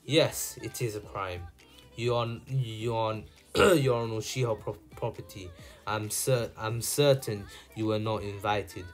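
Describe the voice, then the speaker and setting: A man's voice: on the low side, a little slow, natural voice. A man voicing a stern, defiant teenage ninja boy, reading with stumbles and restarts, with faint music behind. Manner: stumbling over words while reading.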